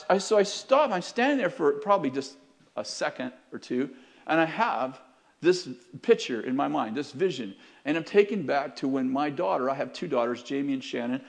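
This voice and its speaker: A middle-aged male pastor preaching a sermon, emphatic, swinging between loud urgent passages and quiet asides, and speaking straight to his congregation. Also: medium pitch, expressive, normal speed, gravelly. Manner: addresses the congregation directly.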